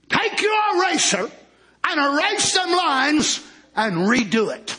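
A man preaching as pastor, building to shouted, drawn-out lines. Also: extremely high pitch, big pitch swings. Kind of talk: sermon.

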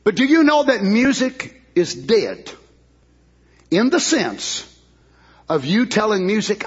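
A man preaching a sermon with fervor, climbing into shouted, rhythmic declarations and acting out voices of people in the story. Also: big pitch swings, measured pace, husky, dull audio. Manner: high, bright preaching voice, rising to shouted fervor.

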